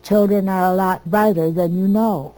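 An older American woman telling family stories from her past in a plain, unhurried way. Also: mid-range voice, fairly even intonation, dark tone, low-quality recording. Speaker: storyteller. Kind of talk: oral history reminiscence.

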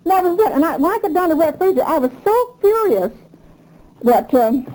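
A woman's voice: high voice, very animated, moderate pace, a little mellow, rough recording. An older woman, a union member, telling her story in an oral history interview, emphatic and repetitive, getting revved up as she talks.

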